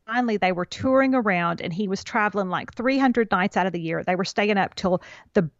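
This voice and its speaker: A woman co-hosting a podcast, telling stories in a chatty, animated way. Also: medium pitch, fairly quick, no echo, muffled recording. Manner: chatty storyteller, quotes others with emphasis. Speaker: podcast co-host. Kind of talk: casual chat.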